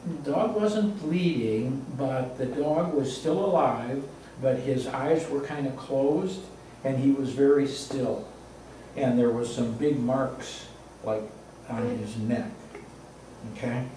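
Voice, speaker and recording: A storyteller with a mid-range voice speaks slowly and in a dark tone, sharing a personal anecdote casually. He keeps it plain and repetitive, building suspense. The recording has heavy room echo, a distant mic and a faint noise.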